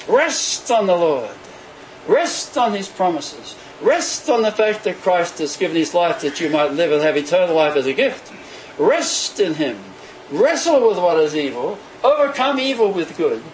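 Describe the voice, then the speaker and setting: A man preaching a sermon in an animated way, often acting out the voices of the people he quotes. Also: sits high, slight background noise, poor audio.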